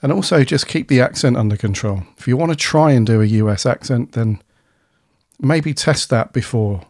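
A man's voice: medium pitch, normal speed, a little mellow, no echo, studio quality. A man co-hosting a podcast, laid-back and teasing in casual banter. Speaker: podcast co-host.

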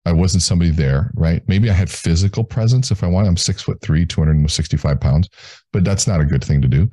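Interview guest, male, deep voice, measured and deliberate in telling stories. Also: mellow, no room sound. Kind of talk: storytelling in a podcast interview.

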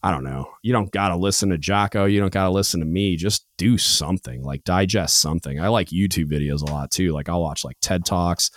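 A young man with a very low, deep voice chats loosely on his podcast, looping through "like" and "dude" as he thinks aloud. The sound is close and dry, with almost no room around it. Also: a little fast, few pauses, dry recording. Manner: rambling, filler-heavy, says "like" and "dude" a lot. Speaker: podcast host. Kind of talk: casual chat. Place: home podcast studio.

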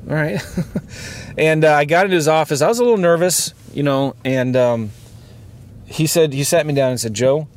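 A man's voice: fairly high pitch, moderate pace, long pauses. A man hosting a podcast, talking candidly from inside his car, earnest and rambling with many fillers. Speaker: podcast host.

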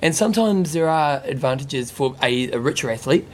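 A man, co-hosting a podcast, trading quick, teasing banter. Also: mid-range voice, animated. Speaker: podcast co-host. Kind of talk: casual chat. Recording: faint background noise.

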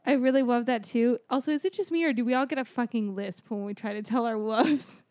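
An inquisitive woman co-hosting a casual podcast. Her voice is on the high side, the sound is close and dry, and her sentences are full of fillers. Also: brisk, darkish tone, no room sound. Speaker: podcast co-host. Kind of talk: casual group chat.

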